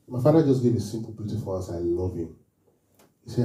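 A man's voice: fairly low pitch, lively intonation, fast talker, mellow, recorded from a distance. Man preaching in an echoey church. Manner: call-and-response preaching, repeating phrases, rhetorical questions. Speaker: pastor. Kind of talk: sermon.

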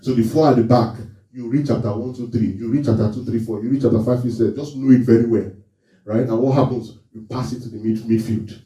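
A man's voice: medium pitch, steady tone, fast talker, warm tone. A man preaching a sermon, often checking in with the congregation with questions. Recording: echoey room, from a distance.

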